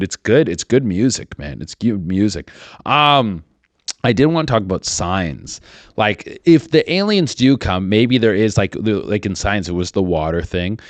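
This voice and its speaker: A podcast host in his thirties rambles crudely and profanely, full of fillers and restarts. His lowish voice has lively intonation and an unhurried pace, recorded on a studio microphone with no room sound.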